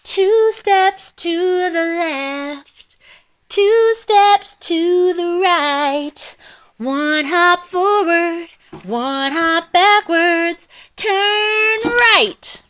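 Cheerful caterpillar coach from a children's storybook, as a woman reader puts her on. She calls out dance steps in a high, lilting sing-song, slow and bright, full of encouragement. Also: big pitch swings, heavily acted.

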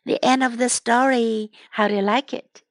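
A woman hosting a children's English lesson, gently repeating phrases for young learners. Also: a little high, fairly even intonation, normal speed, no echo, studio quality. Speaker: English teacher, podcast host.

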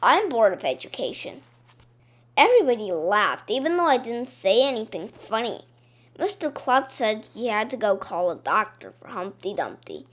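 A woman reads a children's chapter book aloud, telling the story expressively. Her voice sits fairly high and she keeps a moderate pace.

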